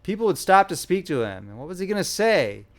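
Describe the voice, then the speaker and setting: A male narrator reads a classic short story for an audiobook, bringing lively, animated intonation to his expressive storytelling. His voice sits fairly high for a man, and he reads a little fast.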